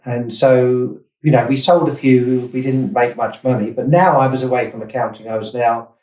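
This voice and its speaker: A man's voice: medium pitch, fairly even intonation, moderate pace, mellow. A man in his sixties, a startup investor from Essex, England, recalling his early career in a rambling interview story full of asides and self-corrections. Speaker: investor and startup founder, guest. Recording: roomy, distant mic.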